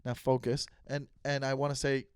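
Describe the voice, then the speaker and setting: A man's voice: mid-range voice, little pitch movement, normal speed, clean tone, no room sound, clean studio sound. A man hosting his own comedy podcast, talking in a casual, rambling, mock-earnest way and stumbling over his words.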